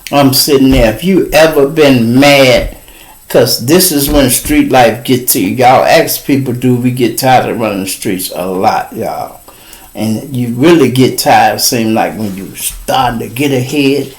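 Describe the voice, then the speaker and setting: A man's voice: medium pitch, a little slow. A middle-aged man with a Chicago accent, hosting a podcast and telling a casual street story, calling out to listeners. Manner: animated street storytelling, addresses listeners as y'all. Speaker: podcast host.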